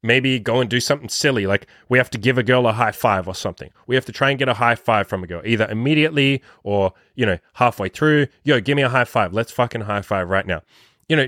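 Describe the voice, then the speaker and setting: A man giving dating advice as a podcast host, talking casually and swearing a lot, acting out quoted lines in a higher voice. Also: no room sound, studio quality. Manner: profane, animated, acts out his own quotes in a higher voice. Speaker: dating coach.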